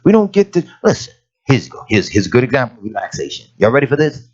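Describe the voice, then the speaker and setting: Preacher guy, folksy sermon, voice jumps all over, shouts then goes hushed, dull lo-fi sound. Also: mid-range voice, huge pitch swings, fast talker. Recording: dull lo-fi recording.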